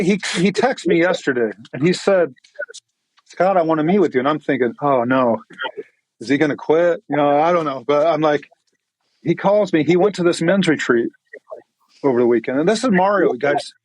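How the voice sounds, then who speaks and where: Earnest emotional pastor telling a story. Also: male voice, high voice, brisk, no room sound, low-quality recording. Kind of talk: podcast interview storytelling.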